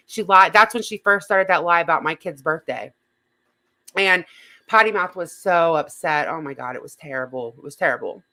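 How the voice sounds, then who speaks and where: Bright-voiced swearing woman streamer. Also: deep voice. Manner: swears freely, rambling with restarts and laughs. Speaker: YouTube drama commentary host. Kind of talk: casual livestream commentary.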